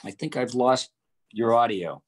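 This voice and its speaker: An older man, a voice actor, answering interview questions over a video call in a relaxed, anecdotal way. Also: medium pitch, unhurried, husky. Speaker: voice actor guest.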